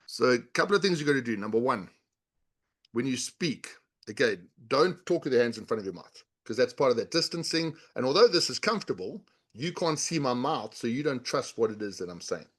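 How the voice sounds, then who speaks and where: A middle-aged man appears as an interview guest, a body language author and leadership coach, explaining his subject through instructive examples and demonstrations. His medium-pitched voice is very animated and fairly quick.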